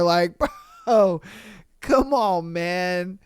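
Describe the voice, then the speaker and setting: A man hosts a casual podcast, reading listener stories and then reacting. His voice is smooth and clear, with a slow, drawn-out delivery. He is recorded close and dry with no room sound, and he breaks into loud, slangy exclamations of disbelief. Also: high-pitched, no room sound. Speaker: podcast host.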